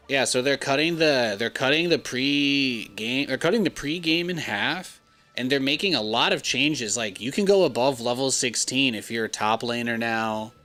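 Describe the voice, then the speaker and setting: Chatty bright-voiced man streaming games. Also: medium pitch. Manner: chatty, rambling, heavy use of "like". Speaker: game streamer. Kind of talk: casual live-stream commentary.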